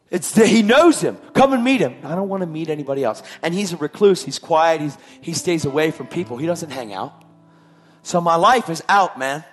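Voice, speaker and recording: A man's voice: on the high side, breathy edge. A man telling his personal testimony in an emphatic way, repeating his phrases for weight. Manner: emphatic, repetitive storytelling. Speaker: testimony speaker.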